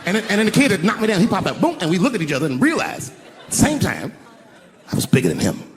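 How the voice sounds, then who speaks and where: An older man telling a profane, animated stand-up story on an arena stage, acting out voices as the crowd laughs. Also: sits high, quick pace. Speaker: stand-up comedian. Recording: live arena recording with crowd noise. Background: crowd laughing and cheering.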